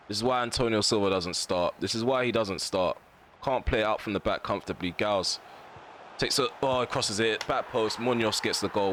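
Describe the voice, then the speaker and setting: Lowish guy ranting over a football game, gets loud and high at the big moments, faint hum behind. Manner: frustrated, ranting at players and referee; excitable bursts at chances and goals. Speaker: gaming commentator. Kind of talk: live game commentary.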